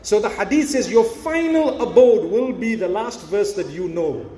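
A man with a high, light voice delivers a sermon in a roomy, echoing hall. He speaks earnestly to his audience, coaxing and encouraging them with rhetorical questions. The reverberation of the room hangs on each phrase. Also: lively intonation, normal speed, dark tone, slight background noise. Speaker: Islamic preacher.

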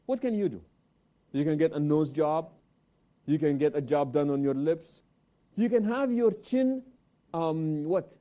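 A man hosting a televised Islamic talk program, animated, answering his own questions and sprinkling in Arabic religious phrases. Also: fairly high pitch.

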